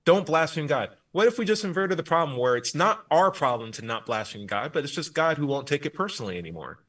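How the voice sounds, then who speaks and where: A man's voice: on the high side, fast, distant mic. A man hosting a casual radio panel chat, joking and putting on mock voices. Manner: animated, jokey, mock voices of God. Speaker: radio show host.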